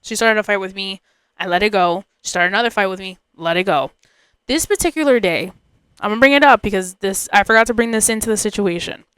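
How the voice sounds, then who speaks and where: A woman's voice: medium pitch, fast talker, fairly bright tone, smooth, dry recording. A young woman hosting a podcast, telling a personal story in a chatty, rambling way, full of fillers and asides. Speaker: podcast host.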